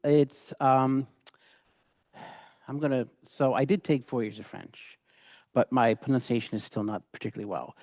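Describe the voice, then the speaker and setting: A man's voice: mid-range voice, fairly even intonation, moderate pace, long pauses, a little mellow, no room sound, studio quality. A middle-aged man giving a casual, rambling cooking demonstration, with many fillers and restarts. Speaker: cooking instructor.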